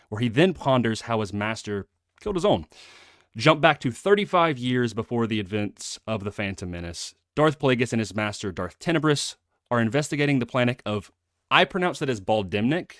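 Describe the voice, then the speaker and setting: A man's voice: on the low side, no echo, studio quality. A man hosting a casual book club live stream, rambling with fillers and frequent laughs.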